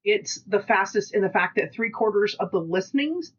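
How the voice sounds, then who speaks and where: A woman's voice: medium pitch, normal speed, husky, highs cut off. Chatty woman telling a story. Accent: Pacific Northwest American. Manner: chatty storytelling, animated quoted dialogue. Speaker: podcast co-host. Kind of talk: casual podcast chat.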